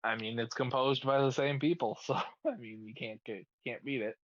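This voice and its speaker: A man chatting casually over a voice call in an easygoing, halting way, with many pauses and fillers. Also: mid-range voice, steady tone, fairly bright tone, no echo. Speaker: call guest. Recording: muffled dry call audio through earbuds.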